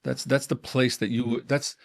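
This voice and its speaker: A middle-aged couples therapist talks in an animated way, repeating words and acting out little scenes. His voice has a gravelly texture. The sound is dry, with no room echo. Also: mid-range voice, moderate pace. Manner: animated, repeats himself, acts out examples. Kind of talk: conversational advice interview.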